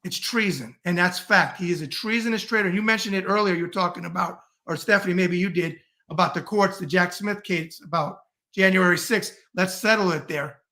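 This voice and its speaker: A man's voice: sits high, fairly quick, hardly any pauses, bright, forceful tone. A middle-aged man from the United States, a podcast guest talking politics in a blunt, profane, emphatic rant. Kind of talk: heated political talk.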